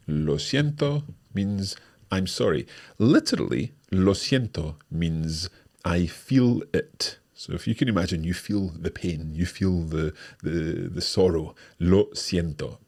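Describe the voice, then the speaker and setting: A man hosting a language lesson, explaining each phrase and repeating it clearly for learners. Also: low voice, a little mellow. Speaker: language teacher and host.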